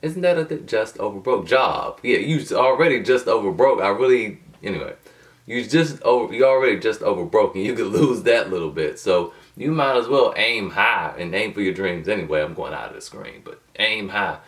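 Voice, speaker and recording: A man with a fairly low voice talks to camera in a loose, rambling way, full of slang, restarts and side tangents. He sits back from the microphone, so the sound is a little distant. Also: lively intonation, normal speed. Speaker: motivational video host. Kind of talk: casual talking-to-camera monologue.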